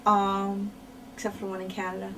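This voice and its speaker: A woman's voice: mid-range voice, completely flat delivery, a little fast, a loud crowd. A woman being interviewed about her wrestling career, talking frankly and repeating words for emphasis. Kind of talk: candid shoot interview storytelling. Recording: mic at a distance, faint noise.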